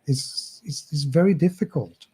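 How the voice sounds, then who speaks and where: A man's voice: on the high side, measured pace, warm tone, slightly rough. A man hosting an interview, answering his guest with sympathy and support and often repeating words as he begins. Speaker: host. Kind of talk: casual conversation.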